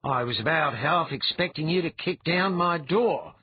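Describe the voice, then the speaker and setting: A man's voice: fairly high pitch, lively intonation, normal speed, muffled recording, a little hiss or hum, voice pushed up, close to an everyday voice. A man voicing an anxious senior male priest in an audiobook, fretful and easily alarmed. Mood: wry. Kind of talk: audiobook character voice.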